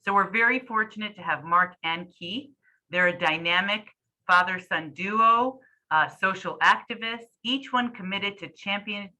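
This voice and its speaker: A woman's voice: on the low side, sharp tone, low-quality recording. A woman hosting an event, reading a formal, welcoming introduction of a speaker. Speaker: event host.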